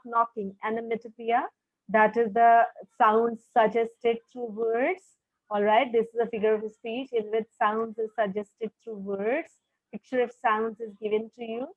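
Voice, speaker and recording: A woman's voice: on the high side, fairly even intonation, unhurried, dry recording. A woman teaching a literature lesson over a video call. She explains each passage step by step and keeps checking understanding with "all right". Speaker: English teacher. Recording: tinny phone-like call audio.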